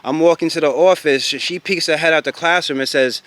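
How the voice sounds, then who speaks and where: A man's voice: fairly high pitch, a little fast. A man from the United States telling a personal story to camera in a loose, profane, casual way, often checking in with the listener. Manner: loose and profane, repeatedly asking "you know what I'm saying"; grows loud and animated when recalling anger.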